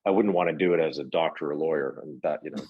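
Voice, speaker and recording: A man with a deep voice speaks in a relaxed interview, rambling through stories with fillers and restarts. His tone is husky and the sound is dry and close. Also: quick pace, dry recording, lo-fi sound. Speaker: actor guest. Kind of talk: casual interview chat.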